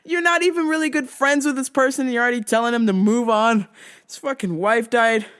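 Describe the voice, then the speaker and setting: A woman hosting a vlog, telling stories in an animated, profane and exasperated way. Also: on the high side, brisk. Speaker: host.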